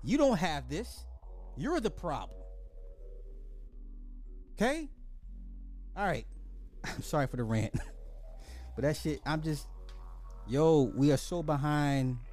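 A man's voice: a little high, sing-song, takes it slowly, pauses often, a little mellow, faint music behind. A man hosting a podcast, delivering a profane, mocking rant of social commentary and apologizing as he goes. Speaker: podcast host.

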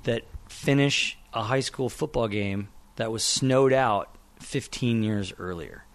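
Chatty man telling animated stories. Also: mid-range voice, takes it slowly. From Oklahoma, USA. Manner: animated storyteller, acts out quotes, laughs often. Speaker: screenwriter and director guest. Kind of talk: casual interview chat.

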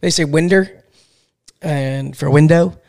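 A young man co-hosting a podcast, telling stories in an animated, joking way. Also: on the high side, normal speed, gravelly. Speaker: podcast co-host. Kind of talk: casual podcast chat.

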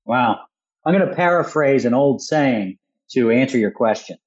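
A man's voice: mid-range voice, expressive, normal speed, lo-fi sound. A man with a Philadelphia accent, a guest on a talk radio show, making his points in punchy, combative bursts full of rhetorical questions. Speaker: guest author.

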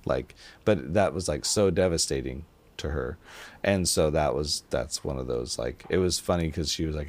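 A male podcast host with a bass voice tells a rambling story at normal speed in casual conversation. He acts out the quotes as he goes and laughs often.

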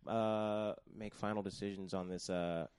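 Man, host, casual comedic chat, low voice, halting, lots of fillers, dry sound. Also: fairly even intonation, a little mellow, smooth, dry recording. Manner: hesitant, many fillers.

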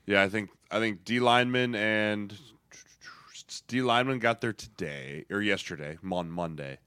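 A man's voice: fairly low pitch, normal speed, sharp tone, smooth, no echo, studio quality. A man co-hosting a casual podcast, chatting easily and telling stories. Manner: easygoing, chatty storytelling. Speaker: podcast co-host, former lineman.

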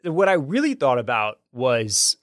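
A man's voice: medium pitch, sing-song, measured pace, fairly bright tone. A man hosting a casual chat about a film, talking with enthusiasm and often restarting his sentences. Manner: enthusiastic, talkative, frequent restarts. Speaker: podcast host reviewing a film.

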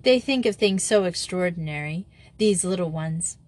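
A grave, gentle older teacher, as a woman reading aloud plays her, speaking slowly and with care. She is a storybook figure with a soft, measured manner. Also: lowish voice, lively intonation.

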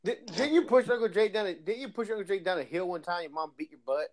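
A man's voice: high-pitched, fast talker. A man co-hosting a podcast, teasing and laughing in casual chat. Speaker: podcast co-host.

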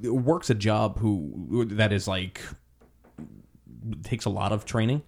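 A man in a loose, casual chat who talks bluntly and swears freely. He laughs often, and his voice sits a little low. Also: takes it slowly, creaky, a little mellow.

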